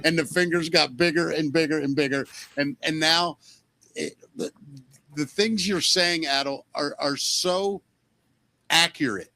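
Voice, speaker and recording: Man, podcast co-host, high voice, bright tone, fiery sarcastic rant. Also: measured pace, dry recording. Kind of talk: heated political podcast talk.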